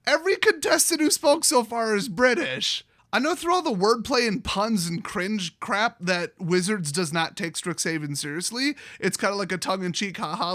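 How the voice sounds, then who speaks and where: Brief: sarcastic American host, high pitch, sharp bright tone, mocking rant. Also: male voice, no echo, clean studio sound. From United States. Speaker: commentary host. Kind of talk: ranting commentary.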